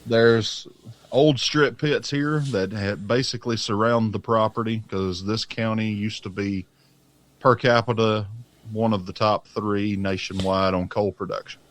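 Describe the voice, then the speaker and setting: Laid-back southern guy from alabama, lowish voice, joking around on a podcast. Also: steady tone, measured pace, no room sound. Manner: easygoing, joking storyteller. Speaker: podcast guest. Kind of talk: casual chat.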